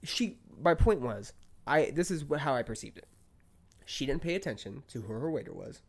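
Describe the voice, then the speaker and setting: A man in his thirties tells a story in a casual podcast chat. His voice sits a touch on the high side, and he swears freely. His pitch climbs sharply as he gets worked up. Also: expressive, moderate pace. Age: 30s. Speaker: podcast guest.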